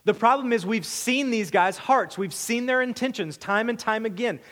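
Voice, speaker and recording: A man's voice: moderate pace, long reverb tail. A man preaching a verse-by-verse sermon in a conversational way, asking rhetorical questions and repeating himself as he explains the text. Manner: voices the crowd's demand in a higher, louder tone. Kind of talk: expository sermon.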